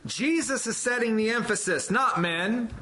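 A man preaching a sermon with fervent emphasis, repeating phrases and building to loud peaks on quoted scripture. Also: very high voice, moderate pace, poor audio.

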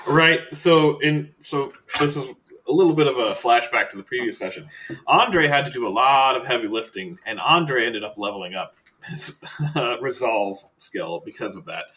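Relaxed man running a tabletop game. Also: mid-range voice, normal speed, slight background noise. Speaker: game master.

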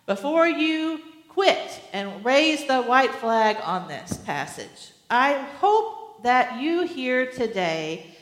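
A woman pastor preaching a sermon in an earnest way, with gentle humor. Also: high voice, big pitch swings, slow pace, echoey room, big-room sound.

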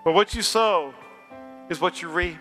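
A man's voice: sits high, unhurried, pushed and bright, faint music behind. A male pastor preaching a sermon in a church, building to impassioned, repetitive refrains. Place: church sanctuary.

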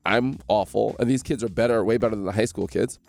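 A man from New Jersey, a guest in a radio studio, telling his story with animated energy and acting out the voices of the people in it. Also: fairly low pitch, fast talker, gravelly, no room sound, faint music behind. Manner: animated, acts out quoted voices.

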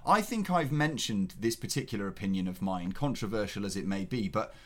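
A man's voice: lowish voice, expressive, a little fast. Blunt, opinionated male film show host. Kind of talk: casual film review chat.

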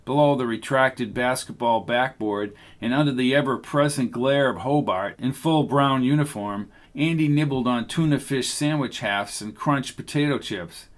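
A man reading an audiobook in steady scripted narration. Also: mid-range voice, normal speed, hardly any pauses.

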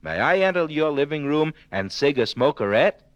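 Sly wolf sweet-talking way up high, man putting it on, dull old record. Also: big pitch swings, moderate pace, no echo. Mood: wheedling. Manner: falsely sweet, wheedling. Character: sly smooth-talking male big bad wolf.

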